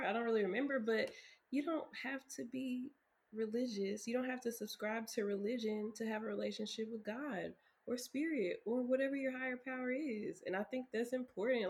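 Earnest woman in casual discussion. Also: mid-range voice. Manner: earnest, emphatic, conversational.

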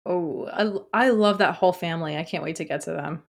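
A woman's voice: lowish voice, brisk, gravelly. Eager giggly female co-host. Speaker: podcast co-host. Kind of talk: casual chat.

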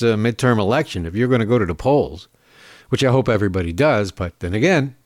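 A man hosting a show, ranting in sarcastic, indignant political commentary with frequent filler pauses. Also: mid-range voice, no room sound, studio quality. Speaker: podcast host.

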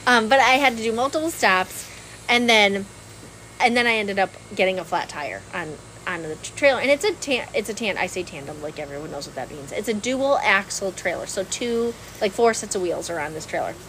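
Brief: woman co-host, New lilt, rambling animated storyteller, faint hiss behind. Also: mid-range voice, a little fast, rough recording. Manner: animated, laughs often, rambling with restarts. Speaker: podcast co-host. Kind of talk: casual storytelling chat.

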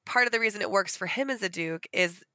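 Bright-voiced woman arguing a point. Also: mid-range voice, quick pace, dry recording. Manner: animated, argumentative. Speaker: podcast co-host. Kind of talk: casual book discussion.

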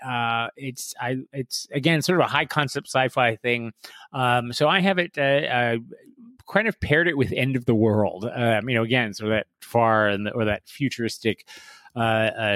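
A man's voice: medium pitch, fairly bright tone, dry recording. A man co-hosting a podcast in casual chat, hesitant and rambling with many fillers and dry jokey asides. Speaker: podcast co-host.

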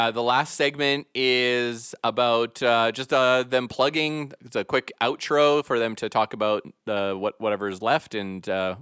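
A male podcast co-host talks in loose, rambling sentences stuffed with fillers and quick laughs. His pitch sits in the middle range. The recording is dry and close. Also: fairly bright tone, smooth, no echo. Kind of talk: casual podcast chat.

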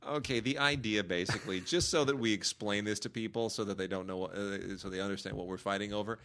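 Man, fairly low voice, podcast co-host, enthusiastic, argumentative film talk. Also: fairly bright tone. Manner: enthusiastic, argumentative, speeds up and slows down. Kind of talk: casual chat reviewing films.

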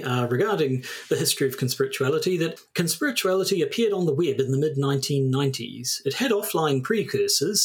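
A man co-hosting a podcast, speaking in a measured, dry way and reading passages from a paper aloud. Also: a little high, breathy edge. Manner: measured, dry, with hesitant fillers. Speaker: podcast co-host.

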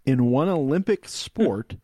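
A man co-hosting a podcast in casual chat, relaxed and teasing, asking his co-host questions. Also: mid-range voice, slow pace, no room sound, studio quality.

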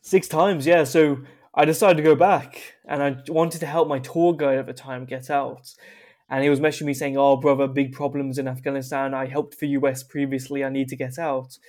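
A man's voice: mid-range voice, darkish tone. A young man, a podcast guest telling rambling, offhand travel stories in a wry, casual way. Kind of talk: casual anecdotal storytelling.

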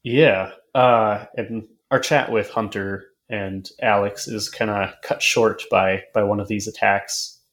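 A man's voice: on the low side, fairly even intonation, slow, fairly bright tone. A man co-hosting a podcast in casual chat, recapping loosely with fillers and casual swearing. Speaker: podcast co-host.

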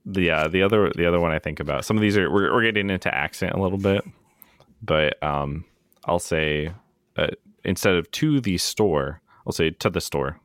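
A man with a very low voice chats easily on a podcast, relaxed and self-deprecating, full of ums and little restarts. The sound is close and dry, with no room around it. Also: fairly quick, no echo. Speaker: podcast co-host. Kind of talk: casual chat.

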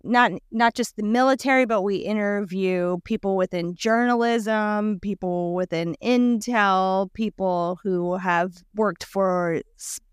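Female podcast co-host, smooth clear tone, chatty and giggly, dry mic. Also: mid-range voice, slow pace, hardly any pauses, no echo. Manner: chatty, giggly, many fillers. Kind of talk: casual podcast chat.

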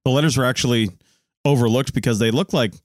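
A man's voice: mid-range voice, fast talker, dry recording, studio quality. A man in his forties co-hosting a podcast in casual, joking chat. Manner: joking, laughs often, relaxed. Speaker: podcast co-host.

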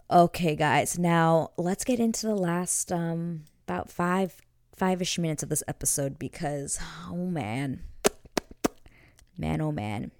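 Woman, low voice, dry close sound, casual recap chat, gushing, lots of fillers. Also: creaky, a little mellow, no room sound. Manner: chatty, gushing, frequent fillers. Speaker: TV episode recap vlogger.

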